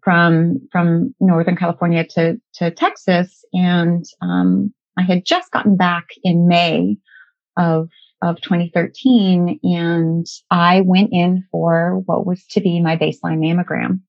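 A middle-aged woman with a low, gravelly voice tells a personal story in a loose, conversational way. She often restarts phrases and slips into the words other people said to her. The recording is dry and somewhat dull, with a lo-fi sound. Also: level tone, slow, dry recording. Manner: conversational, with frequent restarts and quoted dialogue. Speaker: guest sharing a personal story.

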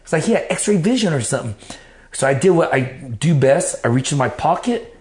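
A man's voice: fairly high pitch, very animated, a little fast, a little mellow. Profane man telling his story, roomy sound. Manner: blunt and profane, acts out what he told himself. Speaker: interview guest. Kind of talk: personal storytelling, casual talk. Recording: roomy echo.

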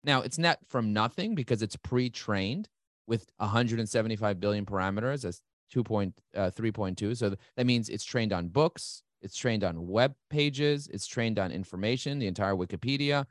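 A middle-aged man talking as an interview guest, fast and enthusiastic, repeating key words for emphasis. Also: on the low side, dry recording, clean studio sound. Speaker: guest, marketing agency CEO. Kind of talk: energetic interview talk.

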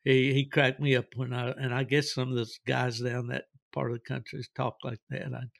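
A man hosts a podcast, spinning rambling, folksy stories and chuckling as he goes. His voice is gravelly and sits at an ordinary pitch. It is recorded close and dry. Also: flat delivery, moderate pace, dry recording. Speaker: podcast host. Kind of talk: casual storytelling.

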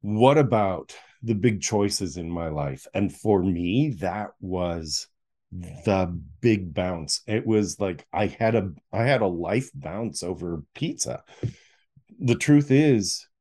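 A middle-aged man with a low, mellow voice tells a personal story as an interview guest. He acts out the scenes as he goes and often breaks into laughter. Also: animated, slow.

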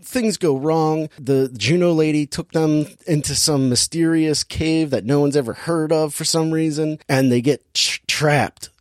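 A man casually retelling a movie plot, animated and laughing often, acting out characters' lines with sudden jumps in pitch. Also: unhurried, few pauses, dry recording, studio quality. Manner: laughs often while talking. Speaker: podcast co-host recapping a movie. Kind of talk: casual chat.

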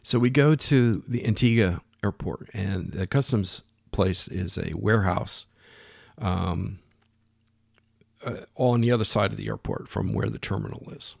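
Gravelly man telling a story. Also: sits low, unhurried, no echo, studio quality. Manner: animated, restarts phrases. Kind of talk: casual anecdote.

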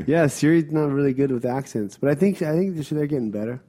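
A man's voice: fairly high pitch, a little fast, warm tone. A young man co-hosting a casual chat, loose and profane, with lots of "you know" fillers. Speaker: podcast co-host.

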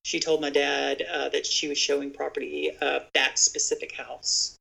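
A conversational storyteller with a gravelly, creaky edge on the voice. The guest speaks earnestly and addresses listeners directly while sharing safety advice for real estate agents. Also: mid-range voice, flat delivery, moderate pace, pushed and bright, rough recording.

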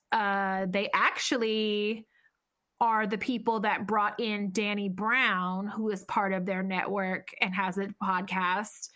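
A woman's voice: medium pitch, pushed and bright. A woman co-hosting a podcast, telling a story in casual chat, blunt and full of profanity. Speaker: podcast co-host.

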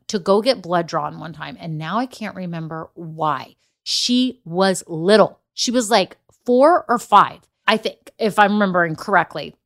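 A middle-aged woman with a mid-range, fairly bright voice gives a casual motivational talk as a business coach. She's a chatty storyteller who addresses her listeners as "y'all."

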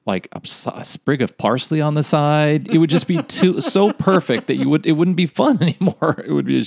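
A man's voice: fairly high pitch, animated, moderate pace, creaky, a little mellow, no room sound. Guy cohosting a podcast, rambly, laughs at his own bits, dry mic. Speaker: podcast co-host. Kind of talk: casual comedic chat.

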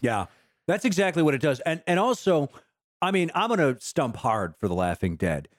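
Animated swearing man, dry sound. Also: a little high, normal speed, no echo. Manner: animated, swearing, laughing often. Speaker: podcast co-host. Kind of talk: casual chat.

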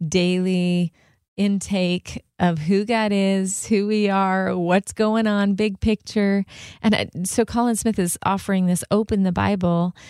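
A woman's voice: medium pitch, a little mellow, no room sound, studio quality. A woman co-hosting a faith radio talk show, encouraging and upbeat as she chats and promotes an event. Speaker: radio co-host.

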